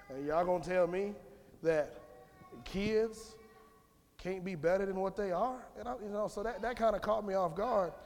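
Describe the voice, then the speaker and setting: A lay speaker, a man with a high voice and a darkish tone, delivers a loose, conversational message in a church sanctuary, wandering through restarts and addressing the congregation directly. The long reverb of the church hall colors the recording.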